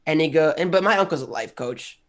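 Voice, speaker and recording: A man doing a self-deprecating stand-up bit at an open mic, telling a story in a deadpan way. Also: a little high, fairly quick, a loud crowd. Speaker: stand-up comedian.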